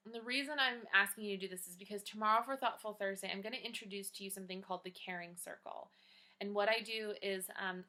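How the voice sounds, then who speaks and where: A woman teacher records a daily check-in for kids from home, chatty and upbeat as she encourages them. Her voice is crisp and sharp, at an ordinary middle pitch. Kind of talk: video lesson for kids.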